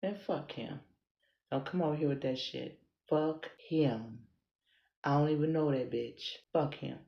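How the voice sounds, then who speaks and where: A woman's voice: sits low, unhurried, gravelly, dull audio. An American woman hosting her own podcast, talking in a rambling, blunt and often profane casual monologue. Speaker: podcast host and content creator. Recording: roomy echo.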